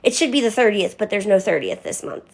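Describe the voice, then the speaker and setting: A woman's voice: mid-range voice, expressive, fast. A young woman talking candidly on a live stream, answering viewers by name in casual chat.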